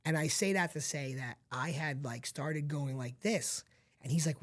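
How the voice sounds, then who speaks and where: A middle-aged man, a guest on a podcast, speaks at a moderate pace in a slightly high, animated voice. He shares a painful personal story earnestly and confidingly, addressing the listener directly with many asides and often checking they're following. At times he becomes emotional.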